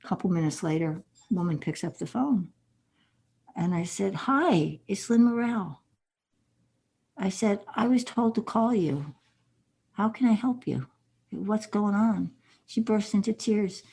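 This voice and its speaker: A woman's voice: medium pitch, lively intonation, unhurried, vocal fry, long pauses, dark tone, husky. An older woman, a guest author on a podcast interview, telling earnest stories with quoted dialogue.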